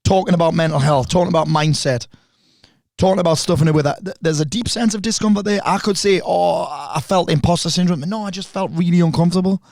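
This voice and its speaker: A man, a podcast guest talking bluntly and fast, with lots of swearing. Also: sits high, darkish tone, no echo. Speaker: podcast guest, speaker and coach. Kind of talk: candid conversation.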